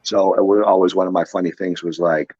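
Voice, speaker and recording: A man with a very low, breathy-husky voice tells stories in a loose, rambling way, often restarting his sentences and tossing in casual swears. The sound is dry and close, with a dull, lo-fi quality. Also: steady tone, a little fast, a little mellow, no echo. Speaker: wrestler and wrestling trainer, guest. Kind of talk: casual interview storytelling.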